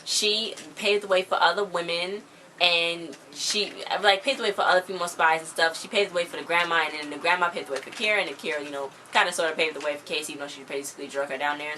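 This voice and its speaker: A woman's voice: on the low side, steady tone, fast talker, pushed and bright, a little hiss or hum. A woman casually recapping a TV episode, chatting and retelling scenes with lots of "like" and "you know.". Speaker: TV episode reviewer.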